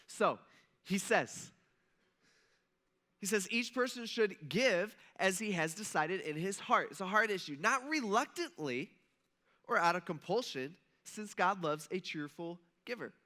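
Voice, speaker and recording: Bright, casual-sounding male pastor. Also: high-pitched, expressive, unhurried. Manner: casual, storytelling, acts out quotes. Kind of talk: sermon. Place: church auditorium.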